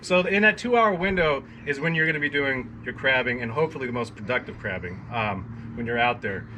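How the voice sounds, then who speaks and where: A man's voice: medium pitch, brisk, bright, forceful tone, a little hiss or hum. A man hosting a casual fishing vlog, chatty and joking at his own expense. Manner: chatty, joking, self-mocking. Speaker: fishing channel host.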